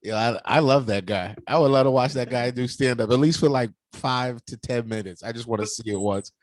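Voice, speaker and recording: A man in casual podcast chat, relaxed and quick to laugh, with short reactions. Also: mid-range voice, no room sound, studio quality. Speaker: podcast guest.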